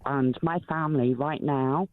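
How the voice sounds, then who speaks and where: Woman caller, fifties, emotional, halting, lots of ums, tinny phone line, dry sound. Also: extremely low pitch, fairly even intonation, dry recording. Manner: emotional, halting, many fillers. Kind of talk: phone-in call. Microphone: telephone.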